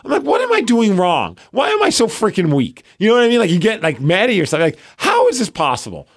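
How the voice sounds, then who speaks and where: Animated man telling a gym story. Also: high-pitched, fast. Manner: animated storyteller, self-mocking, acts out his own inner thoughts. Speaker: podcast co-host. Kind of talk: casual chat.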